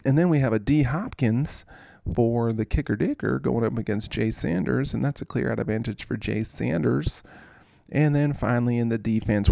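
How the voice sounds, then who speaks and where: A man hosts a podcast in a loose, goofy commentary style, wandering into playful asides. His voice is mellow and dark, with a gravelly creak. The sound is dry and close. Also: mid-range voice, dry recording. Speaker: podcast host. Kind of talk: casual fantasy sports commentary.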